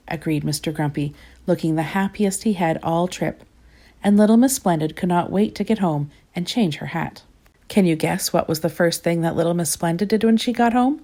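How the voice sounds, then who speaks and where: A woman reading a children's storybook aloud in a gentle, expressive storytelling manner. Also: on the low side, fairly quick. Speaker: storybook reader.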